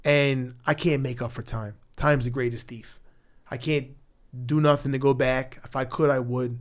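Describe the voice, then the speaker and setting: A middle-aged man from Philadelphia, a podcast guest telling his story frankly, with rough language, getting loud when angry and dropping quiet when tender. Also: steady tone, normal speed. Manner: blunt, profane, emotional; grows loud when angry, drops low and quiet when tender. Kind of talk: candid storytelling interview. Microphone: studio mic.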